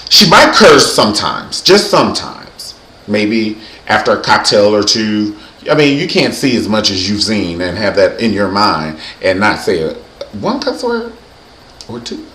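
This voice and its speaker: A man hosting a comedy vlog, joking in an animated, exaggerated, playful way. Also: fairly low pitch, measured pace. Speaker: host. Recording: echoey room, faint hiss.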